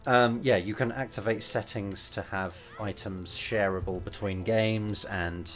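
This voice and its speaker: A man's voice: on the low side, steady tone, unhurried, soft background music. A British man giving casual, opinionated commentary while streaming a game. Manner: chatty, opinionated, rambling asides.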